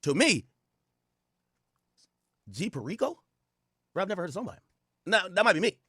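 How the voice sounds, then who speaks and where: Man ranting loudly, high and lively. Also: normal speed, breathy edge, no room sound, clean studio sound. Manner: animated, profane ranting; repetitive, emphatic. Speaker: host. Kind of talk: reaction commentary.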